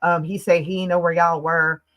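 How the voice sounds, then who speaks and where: Bright, emphatic American woman storyteller. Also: on the low side, flat delivery, poor audio. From United States. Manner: emphatic, fast-flowing, frequent "like" fillers. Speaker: podcast guest. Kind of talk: casual storytelling.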